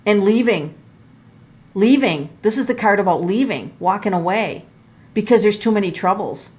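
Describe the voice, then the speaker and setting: Woman, middle-aged, tarot reader, casual talk to camera, animated, average pitch. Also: a little fast. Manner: animated, exclaims and gasps at the cards, thinks aloud; talks straight to viewers as folks.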